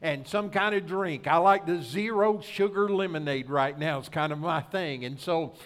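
A man's voice: fairly high pitch, normal speed, fairly bright tone. A middle-aged man preaching a sermon, telling a homely personal story in a folksy way and asking the congregation rhetorical questions. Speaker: pastor.

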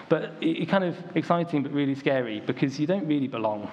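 A young UK preacher with a mid-range voice and lively intonation moves at a quick clip, hardly pausing. His sermon to the congregation is casual and anecdotal, packed with ums and likes. The lo-fi recording is dull, with faint noise in the background.

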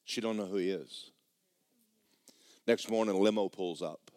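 A male preacher spins a story for his congregation. His voice sits low, and he talks in a folksy, animated way, restarting and repeating words. The sound is dry and close. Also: moderate pace, no echo. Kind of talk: storytelling sermon.

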